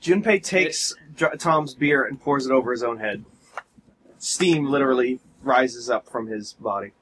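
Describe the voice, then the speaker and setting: A man's voice: medium pitch, a little slow, fairly bright tone, slight background noise, rough recording. A man playing a tabletop game, making wry asides. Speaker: player.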